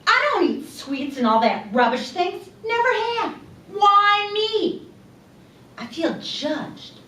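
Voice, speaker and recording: A woman's voice: very high-pitched, very animated, takes it slowly, sharp tone, pitched above the performer's own voice, full character voice. A woman voicing an angry Irish woman in her forties who feels judged, speaking in an Irish accent with a heated, indignant manner. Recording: echoey room from a distance.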